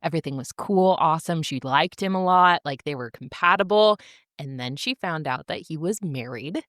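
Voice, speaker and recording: A woman's voice: sits low, normal speed, a bit bright, dry recording, clean studio sound. A woman co-hosting a podcast, chatting enthusiastically and casually, with lots of filler words. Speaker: podcast co-host. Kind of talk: casual chat.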